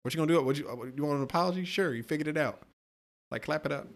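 Man, podcast co-host, slightly high voice, rapid, blunt, profane banter. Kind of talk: casual chat.

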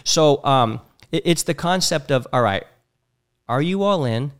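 A man in his thirties talking casually and bluntly, acting out quotes with animated voices. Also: a little high, a little slow, smooth. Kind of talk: casual podcast chat.

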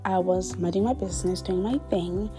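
A woman's voice: lowish voice, fairly even intonation, normal speed, over music. A woman in her twenties telling a storytime in a chatty, dramatic way, dropping into whispered asides. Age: 20s. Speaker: vlogger. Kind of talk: casual storytime monologue.

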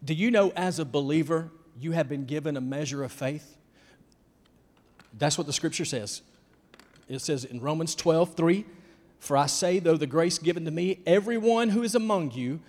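A man, a youth pastor preaching in a folksy, emphatic storytelling style that swings from hushed to loud. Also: on the high side, animated, moderate pace. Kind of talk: storytelling sermon. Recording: long hall reverb.

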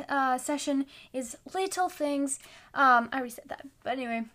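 High-voiced, rambling woman podcaster. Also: moderate pace, pushed and bright. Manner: rambling, chatty, self-deprecating, many fillers. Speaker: podcast host. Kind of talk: casual chat. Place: at home, sitting on the floor. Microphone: phone.

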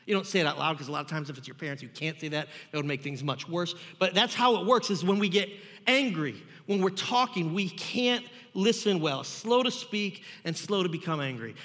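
A young man teaching a youth group Bible lesson, animated and jokey, telling stories and teasing the kids. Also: sits high, big-room sound. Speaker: youth pastor. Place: youth room.

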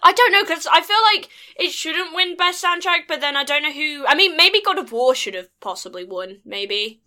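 High, bright, giggly woman co-host. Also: lively intonation, normal speed. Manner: giggly, chatty. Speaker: podcast co-host. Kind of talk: casual podcast chat.

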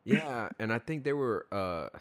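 A man's voice: mid-range voice, animated, a little slow, crowd noise. A man hosting a casual podcast chat, joking and telling stories with acted-out quotes. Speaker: podcast host.

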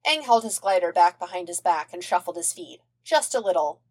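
A woman reading fan fiction aloud as a podfic narrator, telling it in a lively, expressive way. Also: fairly low pitch, fairly quick, few pauses, breathy edge. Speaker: podfic reader.

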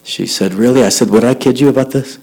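A man's voice: mid-range voice, fast talker, a little mellow, husky, poor audio. A man from Utah telling a story to young people, acting out both sides of a conversation. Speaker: youth speaker. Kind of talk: storytelling talk to youth.

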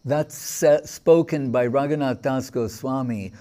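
A man's voice: medium pitch, measured pace, dark tone. A man giving a devotional lecture, telling stories with quoted dialogue and frequent fillers. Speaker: spiritual teacher.

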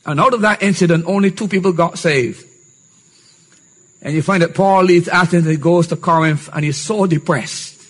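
A man's voice: sits high, normal speed. A male pastor preaching a sermon with emphatic rhetorical questions and repeated refrains.

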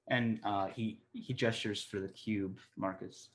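A man narrating as game master of a tabletop game, relaxed and halting, with many fillers. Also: fairly low pitch, slightly rough.

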